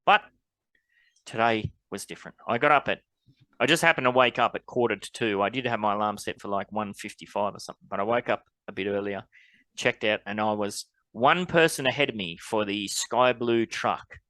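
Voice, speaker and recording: Aussie guy cohosting a podcast, wry and rambling, bright voice. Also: lowish voice, fairly quick, no echo. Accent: Australian. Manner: laid-back, rambling, wry. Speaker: podcast co-host. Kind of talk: casual chat.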